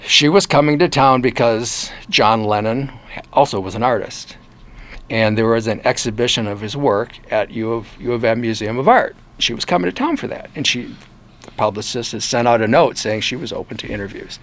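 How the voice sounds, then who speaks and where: Older man telling lively stories. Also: mid-range voice, moderate pace. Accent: Michigan. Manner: animated storyteller who acts out quoted voices. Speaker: interview guest, former newspaper reporter. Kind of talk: casual storytelling in an interview.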